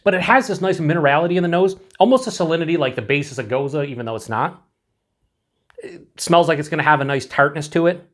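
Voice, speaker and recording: A man's voice: fairly high pitch, expressive, quick pace, fairly bright tone. A man reviewing a beer on his own in a casual, rambling way, full of fillers and restarts, cheerful and swearing now and then.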